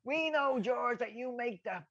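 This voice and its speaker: An Irish man putting on the voice of his cheeky Irish friend, who shouts jokes across a crowd. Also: extremely high pitch, expressive, unhurried, dull audio, voice pushed up, heavily acted. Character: cheeky loud young Irish pal heckling.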